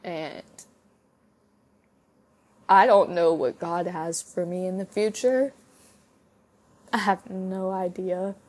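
A young woman speaks slowly and tenderly, sharing her faith story as a podcast host. Her voice is tearful from crying, and she talks haltingly with soft laughs. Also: lowish voice. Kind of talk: personal faith testimony.

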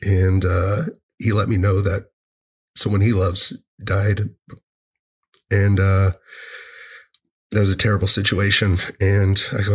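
A man sharing a personal story in an earnest, halting way, often repeating himself. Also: low voice, monotone, husky.

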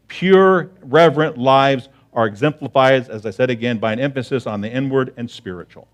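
Man preaching a conversational sermon. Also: medium pitch. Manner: conversational preaching with frequent "right?" check-ins; repeats key phrases for emphasis. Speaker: pastor.

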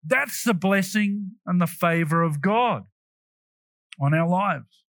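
High, bright-voiced man preaching a sermon. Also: unhurried, dry recording. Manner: animated and emphatic, with bursts of shouting and joking asides. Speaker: pastor.

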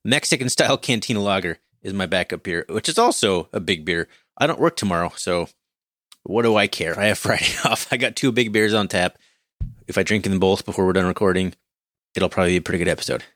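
A man's voice: deep voice, fast talker, fairly bright tone, no room sound, studio quality. A man co-hosting a casual podcast, laid-back and rambling, chuckling often as he talks. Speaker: podcast co-host.

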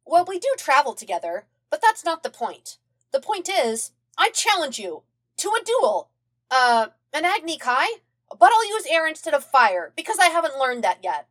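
An eager twelve-year-old boy chirps with earnest excitement, as a woman reads him in a podfic. His voice sits high and leaps around, bouncy and full of enthusiasm. It sounds like a storybook kid hero. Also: moderate pace. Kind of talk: podfic character voice.

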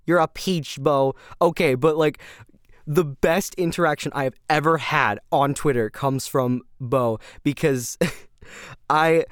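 A fairly high, smooth male voice spills over with excitement in a casual podcast ramble. He gushes, laughs often and piles up fillers and restarts. The sound is dry and close. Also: slow, no echo. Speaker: podcast host.

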